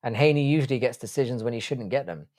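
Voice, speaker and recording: A man's voice: medium pitch, expressive, fast talker, a little mellow. A man hosting a casual live stream, reading chat aloud and answering in a blunt, profane way.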